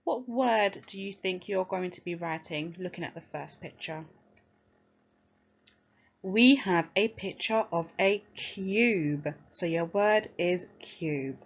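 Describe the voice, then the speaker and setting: A woman teacher giving a phonics lesson to young children, speaking clearly and encouragingly and sounding out each word. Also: medium pitch, expressive, slow, dull audio.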